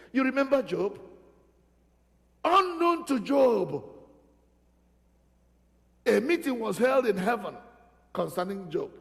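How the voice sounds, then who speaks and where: A male pastor preaches in a high, gravelly voice that swoops widely from phrase to phrase. He leans on repetition to drive each point home. His words ring out with the long reverb of a church hall. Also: sing-song, slow pace, long pauses. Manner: emphatic, repeats phrases for stress. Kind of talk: sermon. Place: church sanctuary.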